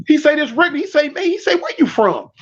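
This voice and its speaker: Californian man, high voice, animated storyteller who laughs and plays every character, muffled stream sound. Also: a little fast. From Southern California. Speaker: storyteller guest. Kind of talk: casual storytelling. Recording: dull lo-fi stream audio.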